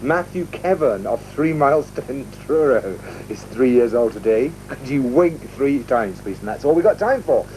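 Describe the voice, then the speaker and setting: Mellow male kids' TV birthday presenter. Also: medium pitch, expressive, normal speed, hardly any pauses, low-quality recording. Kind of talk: children's TV birthday announcements. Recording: archive TV audio with faint noise.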